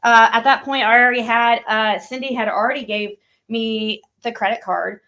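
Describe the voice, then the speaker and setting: Rambling, bright-voiced woman guest. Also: fairly high pitch, steady tone, moderate pace, lo-fi sound. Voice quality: rambling, repeats herself. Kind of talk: casual live-stream chat.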